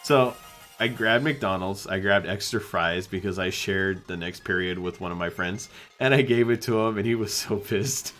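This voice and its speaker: A young man streaming live, chatting casually and acting out the people in his stories in a higher voice. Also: moderate pace, faint music behind. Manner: animated storyteller, acts out quotes in a higher voice.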